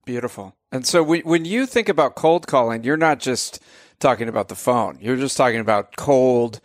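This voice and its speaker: A man's voice: medium pitch, moderate pace, dry recording, clean studio sound. A man hosting a podcast, asking friendly, easygoing interview questions. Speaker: podcast host.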